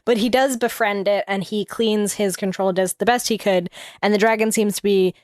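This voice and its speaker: A woman's voice: mid-range voice, fairly even intonation, normal speed, darkish tone, no room sound. Young female podcast co-host, giggly, chatty, close dry sound. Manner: chatty, giggly, lots of fillers. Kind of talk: casual book discussion.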